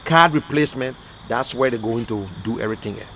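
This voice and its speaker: A man with a Liberian English accent, talking on a political livestream, emphatic and repetitive, swinging from low muttering to loud outbursts. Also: a little fast, slight background noise. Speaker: livestream commentator. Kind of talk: impassioned political livestream rant.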